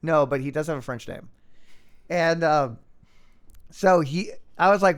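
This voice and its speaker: A man in his thirties, a podcast guest, telling a long story in a casual, animated way with lots of fillers. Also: fairly high pitch, moderate pace, long pauses. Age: 30s. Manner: animated anecdote, fillers and acted-out quotes.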